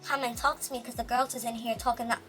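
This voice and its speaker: A woman voicing a timid, earnest young female roommate who speaks softly and hesitantly. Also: fairly high pitch, level tone, quick pace, soft background music, voice pushed up. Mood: concerned. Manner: soft, hesitant and concerned.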